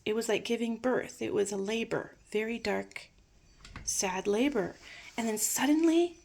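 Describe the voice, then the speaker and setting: Slow, reflective older woman storyteller. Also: medium pitch, vocal fry. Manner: slow, reflective, soft-spoken with hushed asides. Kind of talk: personal storytelling.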